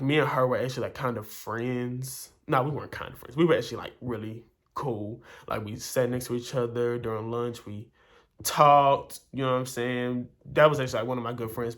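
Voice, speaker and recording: A man's voice: mid-range voice, fairly bright tone. A young man vlogging, telling a long personal story in a chatty way, full of fillers and acted-out quotes. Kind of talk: casual storytelling.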